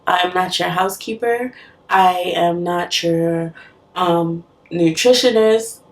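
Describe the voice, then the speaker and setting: A young woman from West Africa who works as a nurse, telling a story casually, animated, with frequent laughs and fillers. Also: on the low side, slow, echoey room, distant mic. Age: young adult.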